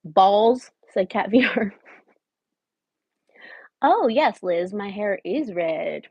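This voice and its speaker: A woman's voice: medium pitch, animated, very slow, breathy edge, dry recording, dull audio, full character voice. A woman playing a scheming homeless woman in her late twenties who wheedles her live chat for a place to stay, shifting into sudden whispers. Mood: wheedling. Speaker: comedic livestream host. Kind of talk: improvised parody livestream.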